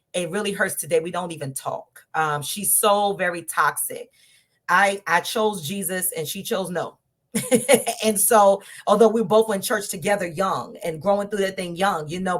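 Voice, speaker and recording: Woman, 30s, lively group-discussion speaker, conversational, talks straight to listeners. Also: lowish voice, normal speed. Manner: animated, conversational, laughs often, addresses listeners directly. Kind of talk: candid personal storytelling to a group.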